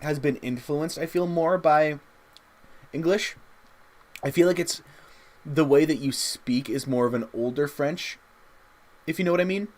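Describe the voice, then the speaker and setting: A young man, chatting casually and haltingly with viewers while drawing on a livestream. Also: on the high side, darkish tone. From Canada. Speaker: streamer drawing live.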